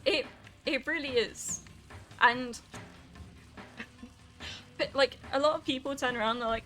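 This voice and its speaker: Young woman, casual rambling streamer, bright edgy tone, higher voice, faint game music behind. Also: unhurried, pauses often. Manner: chatty, swears casually, laughs often. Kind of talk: casual rambling while gaming.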